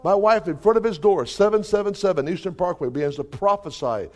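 A male preacher telling a testimony in a sermon, lively and dotted with hallelujahs and chuckles. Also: high-pitched, brisk. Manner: animated, exclamations of hallelujah, chuckles.

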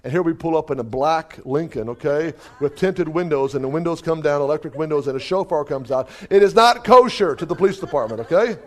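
A male preacher telling a testimony in a sermon, lively and dotted with hallelujahs and chuckles. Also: fairly high pitch, fairly quick, hardly any pauses. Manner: animated, exclamations of hallelujah, chuckles.

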